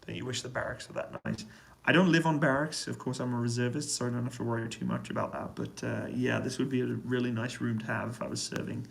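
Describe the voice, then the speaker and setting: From a hotel room on an army base, a British man answers chat questions on a relaxed live stream, keeping his voice quiet so he won't wake the neighbours. He talks fast at a medium pitch with vocal fry, and the recording quality is low.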